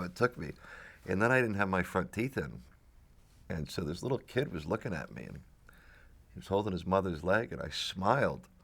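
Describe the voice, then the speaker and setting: A man's voice: sits low, vocal fry, a bit bright. A middle-aged man telling rambling stories in a casual interview. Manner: rambling storyteller with restarts and laughs. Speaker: actor, interviewee.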